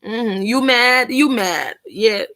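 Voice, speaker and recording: A woman's voice: a little high, animated, slow, a bit bright. A woman, taunting her viewers in a casual vlog chat. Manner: taunting, repetitive, sassy. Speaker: vlogger reacting to videos.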